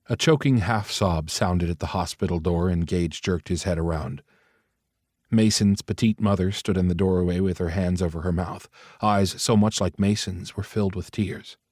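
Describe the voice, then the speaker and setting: A man narrating an audiobook in a measured, even storytelling manner. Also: low voice, dry recording. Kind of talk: scripted narration. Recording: dry close studio mic.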